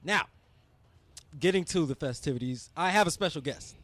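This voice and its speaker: A man's voice: on the high side, animated, normal speed, fairly bright tone, no echo. A man hosting a casual studio talk show, joking and laughing often. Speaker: host.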